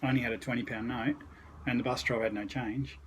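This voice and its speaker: An Australian man in the middle of his register, spinning travel yarns in a relaxed, rambling way. He swears lightly and keeps a casual, unhurried storytelling flow. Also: mid-range voice, a little hiss or hum, poor audio. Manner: laid-back, rambling anecdotes with mild swearing. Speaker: podcast guest.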